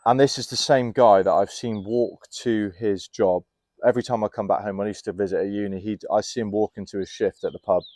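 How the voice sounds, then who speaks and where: A young man, a fitness coach guest, chatting casually outdoors in a garden on a podcast and telling candid, animated stories. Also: lowish voice, brisk, no echo, clean studio sound. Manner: candid, animated storyteller who laughs easily.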